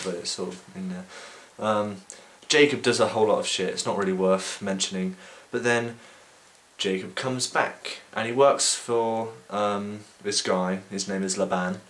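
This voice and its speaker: Retelling a book for his video blog, a man stays offhand and irreverent, peppering his talk with ums and crude slang. His voice is on the low side with a fairly bright tone.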